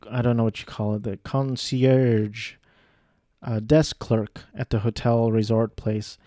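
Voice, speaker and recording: A man's voice: medium pitch, mellow, dry recording, clean studio sound. A young man casually telling a rambling, self-deprecating story, with some swearing and lots of restarts.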